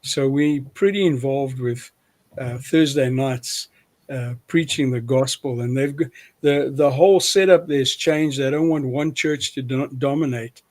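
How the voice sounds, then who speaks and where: Speaking at a measured pace in a medium-pitched, slightly mellow voice, a preacher with a South African accent chats casually as an interview guest, frequently restarting sentences and making fun of himself.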